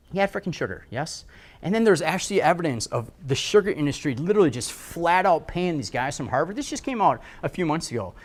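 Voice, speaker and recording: A middle-aged man giving a casual, animated health talk to a live audience, often asking them to agree. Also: fairly high pitch. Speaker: health speaker.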